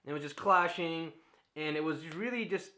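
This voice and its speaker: Speaking candidly to the camera, a man in his thirties vlogs in an open, reflective way, laughing often and leaning on fillers. His voice is a little high, bright and forceful, at a moderate pace.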